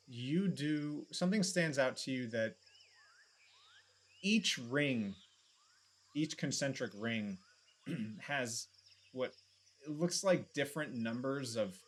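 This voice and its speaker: Male dungeon master with a mid-range voice, halting, full of ums while setting the scene. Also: medium pitch, a bit bright. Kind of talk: describing scenes in a tabletop game.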